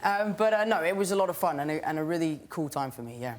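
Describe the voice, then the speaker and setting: A man's voice: on the high side, lively intonation, fast. A young man, an actor guest, chatting in a friendly, easygoing way.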